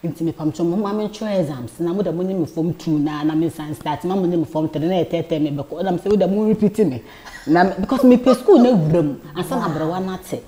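Ghanaian lady guest, warm low voice, animated storytelling, stumbles and repeats words. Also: fast talker. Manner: animated, repeats words, laughs while telling. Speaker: talk show guest. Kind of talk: casual storytelling chat.

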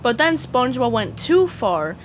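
A woman reading a children's picture book aloud, expressive and clear. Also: a little high, a little slow, a little hiss or hum. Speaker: storybook reader.

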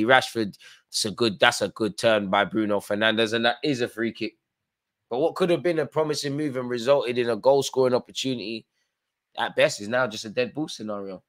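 A man's voice: medium pitch, steady tone, normal speed. A tired man hosting a live football watchalong, chatting through play-by-play with fan reactions. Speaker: watchalong host.

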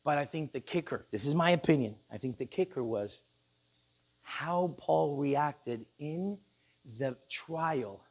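A male pastor preaching a sermon in a church, animated and joking, acting out the people he quotes. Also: a little high, takes it slowly.

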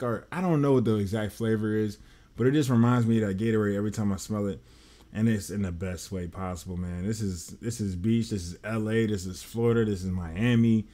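A man's voice: lowish voice, dark tone. A man giving a casual, enthusiastic fragrance review that rambles and often says "man" and "y'all.".

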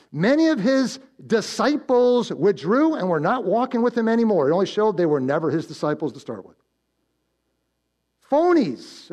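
A man preaching a sermon as pastor, swinging between loud emphatic build-ups and hushed low warnings, telling stories and posing questions to the congregation. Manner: storytelling with direct questions to the congregation. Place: church.

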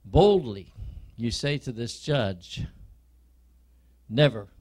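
A male preacher giving a sermon, telling a dramatic story to his listeners in a slow, deliberate way. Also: medium pitch, animated, a little mellow.

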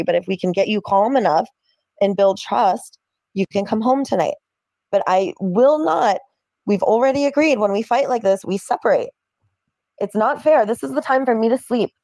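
A woman setting boundaries over the phone in a firm, measured, lecturing tone. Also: mid-range voice, darkish tone, no room sound, studio quality. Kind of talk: calm therapy-speak argument.

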